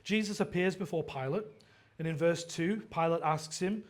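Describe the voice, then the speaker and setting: A man with a high voice delivers an earnest, explanatory sermon. He often trips over a word and starts again, tossing in a quick "right?" to bring the listeners along. He slips into lively quoted lines when he gives a figure's words. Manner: earnest expository preaching with frequent restarts and "right?" asides. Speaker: pastor.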